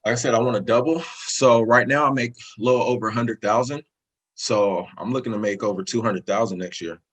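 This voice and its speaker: A man's voice: medium pitch, brisk, husky, rough recording. A man in his thirties, a course student, earnestly telling his success story in a casual video-call interview, emotional and rambling. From California. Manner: earnest, emotional, talks in loose run-on phrases.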